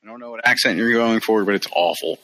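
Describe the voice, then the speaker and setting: A man co-hosting a casual pop-culture chat, opinionated and quick to laugh. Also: lowish voice, sharp tone. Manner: opinionated, laughs often, dismissive asides. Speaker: podcast co-host.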